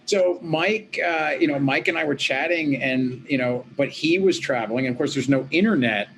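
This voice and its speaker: A man, a former politician and law professor, recounting events as an interview guest in a lively storytelling manner, acting out the dialogue he quotes. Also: a little high, moderate pace, slight background noise. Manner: animated, acts out quoted dialogue. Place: home office at a desk.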